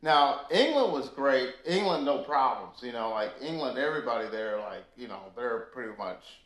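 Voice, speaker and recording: A man in an interview telling stories from touring, animated and full of fillers. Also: mid-range voice, moderate pace. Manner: animated storyteller, many fillers. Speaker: guest musician. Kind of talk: casual storytelling interview. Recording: echoey room.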